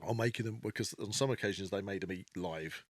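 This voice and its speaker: A man's voice: low voice, fast, dry recording, studio quality. Rambling man co-hosting a podcast. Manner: rambling, restarts often, laughs easily. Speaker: podcast co-host. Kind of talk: casual podcast chat.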